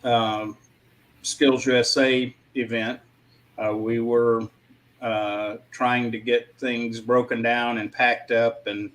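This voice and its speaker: A man in a casual panel discussion, speaking in a reflective way with frequent pauses. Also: mid-range voice, little pitch movement, a bit bright, low-quality recording.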